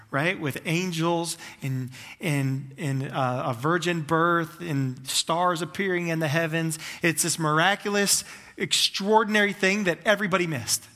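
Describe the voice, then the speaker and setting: A male pastor preaching with a high, bright, forceful voice. He stacks clause on clause in fervent, building runs. His voice rings with the long reverb of a large hall. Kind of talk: sermon.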